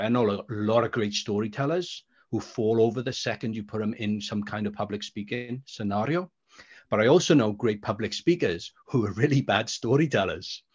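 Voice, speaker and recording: A man speaking as a speaker coach in an online talk, pausing deliberately between words and rambling through stories. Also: on the low side, slightly rough, muffled recording. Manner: rambling storyteller. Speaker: speaker coach and creative producer. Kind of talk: answering a question in an online talk. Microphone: video call.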